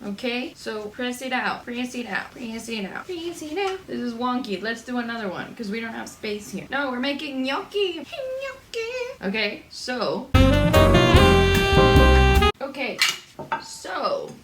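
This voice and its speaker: A woman's voice: a little high, animated, measured pace, reverberant, over loud music. A young woman chatting casually and swearing freely while she cooks in her home kitchen, rambling between stories. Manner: chatty, profane, rambling storyteller. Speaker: cooking vlogger. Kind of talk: casual cooking chat.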